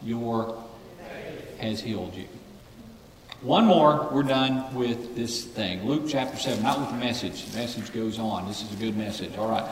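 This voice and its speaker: A man's voice: medium pitch, normal speed, hardly any pauses, far from the mic, a little hiss or hum. A man preaching a sermon, who calls on the congregation to repeat phrases back to him. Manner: leads call-and-response with the congregation. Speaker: pastor. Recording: echoey hall from afar.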